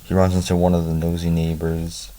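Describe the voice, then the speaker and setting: A man with a very deep, dark voice recaps a story in a loose, casual way. He chats with offhand asides, talking like he is telling a friend. His tone stays relaxed and conversational. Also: fairly quick. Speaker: book reviewer.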